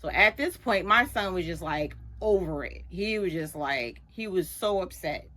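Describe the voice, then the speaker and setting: A middle-aged woman, a radio show guest, animatedly retelling a story and acting out other people's lines in a higher voice. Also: lively intonation, normal speed, pushed and bright. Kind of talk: storytelling in a casual chat.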